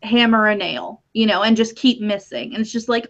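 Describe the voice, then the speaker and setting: A woman chatting casually as a guest, rambling and halting, with lots of fillers. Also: mid-range voice, creaky, a bit bright. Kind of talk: casual chat. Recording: dull lo-fi audio.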